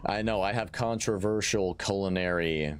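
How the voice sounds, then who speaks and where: A man streaming a strategy game live, commentating in an excitable, jokey way and often restarting his sentences. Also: deep voice, moderate pace, smooth. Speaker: gaming streamer.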